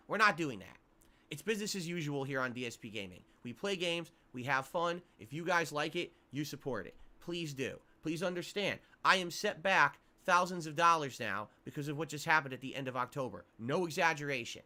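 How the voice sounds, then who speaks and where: A man's voice: fairly high pitch, a little fast, bright, forceful tone. A male streamer venting to his viewers on a livestream, angry and profane, repeating himself as he rants.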